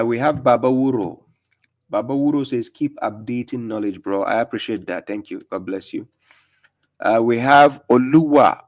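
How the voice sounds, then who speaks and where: With a medium-pitched voice, a man from Ghana runs a live religious question-and-answer stream. He reads out comments from viewers and responds with fast retorts, his speech heavy with fillers.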